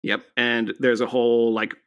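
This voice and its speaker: A man co-hosting a casual podcast, tearing into a film with sarcasm. He laughs often and drops into mocking voices to quote lines. His pitch sits in an ordinary middle range. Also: little pitch movement, normal speed, highs cut off. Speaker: podcast co-host. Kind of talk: casual movie discussion.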